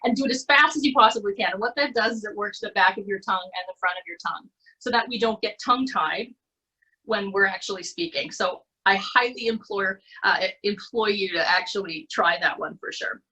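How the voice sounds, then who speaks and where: A woman's voice: mid-range voice, fairly quick, pushed and bright, husky, poor audio. A Canadian woman coaching presentation skills on a video call, talking in an encouraging, conversational way and often checking in with "okay?". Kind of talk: online workshop talk. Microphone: computer mic on a video call.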